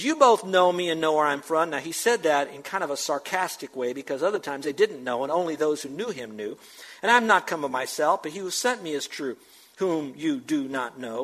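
A man preaching a sermon as pastor, animated, acting out the voices of Bible figures as he teaches. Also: a little high, husky, rough recording.

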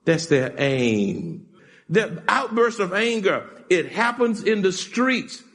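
A man preaching a sermon with a high, lively voice that leaps up and drops down. He moves from shouting to hushed asides and laughs often. His has a sound. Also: slow pace. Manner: animated preaching, swings from shouts to near-whispers, laughs often. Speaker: pastor.

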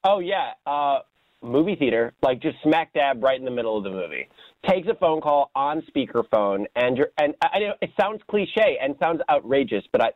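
A man phones in to the show and tells his story in a relaxed but animated way. His voice is medium in pitch and comes through a tinny, thin phone line. The sound is dry. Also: no room sound. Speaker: caller. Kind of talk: casual anecdote.

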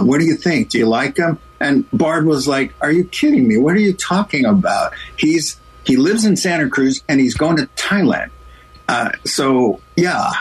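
A middle-aged male pastor telling a story as a guest in a radio interview, animated and playing out the voices of the people in it. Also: mid-range voice, breathy edge, low-quality recording.

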